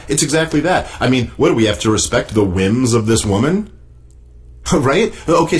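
Male podcast host, solo commentary; swears freely, exasperated and mocking while rebutting a text. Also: a little high.

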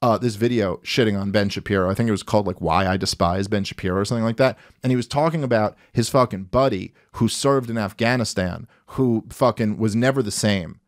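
A man giving casual reaction commentary, ranting and swearing freely as he pauses a clip. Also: on the low side. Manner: profane, ranting, impersonates others mockingly. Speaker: commentary host.

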